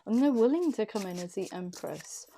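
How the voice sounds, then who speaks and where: A woman with a warm, mellow voice reads tarot cards for the viewer. She interprets each card loosely, thinking aloud as she goes, at a middling pitch for a woman. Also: expressive, moderate pace, creaky, a little hiss or hum. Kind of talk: intuitive tarot reading, addressing the viewer.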